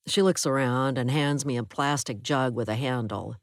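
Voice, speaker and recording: A woman with a low voice reading an audiobook aloud. She narrates steadily in the first person. The sound is close and dry. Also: normal speed, hardly any pauses, dry recording.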